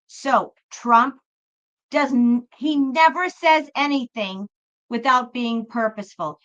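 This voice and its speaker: A woman with a high, bright voice chats loosely on a live stream, rambling and talking straight to her viewers. Her talk is casual and wandering. The audio is dull and lo-fi. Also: takes it slowly. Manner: rambling, chatty, talks straight to viewers in the chat. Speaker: tarot reader hosting a live show.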